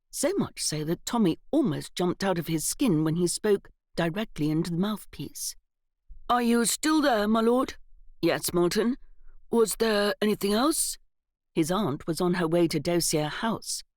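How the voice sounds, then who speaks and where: A woman narrating a novel as an audiobook in a measured storytelling manner. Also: lowish voice, darkish tone, dry recording, studio quality.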